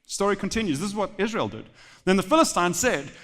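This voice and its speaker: A bright, high-pitched male pastor preaching in a church, his voice ringing with a long hall reverb. He tells the story in an animated, storytelling way with playful asides to the congregation. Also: fast. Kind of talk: sermon.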